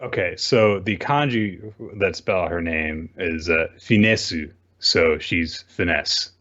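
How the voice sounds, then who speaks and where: A man's voice: sits low, takes it slowly, fairly bright tone. A man co-hosting a podcast in casual chat, dropping brief dry interjections and corrections. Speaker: podcast co-host. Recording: dull lo-fi mic.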